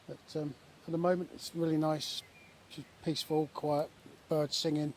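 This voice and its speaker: A man talking casually in a relaxed, chatty way with many fillers, filming a vlog at a woodland camp outdoors. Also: a little high, normal speed. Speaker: vlogger. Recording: outdoor recording with faint nature noise.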